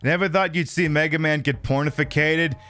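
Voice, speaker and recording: Man streamer, casual commentary, crude humor, slightly higher voice. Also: fairly even intonation, fairly quick, pushed and bright, faint music behind. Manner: joking, crude, chatty. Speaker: game streamer host.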